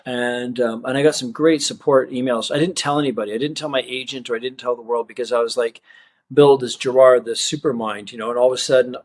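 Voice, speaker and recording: A man, a magician, telling a long personal story in a casual interview and acting out the people he quotes. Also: mid-range voice. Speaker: magician and guest.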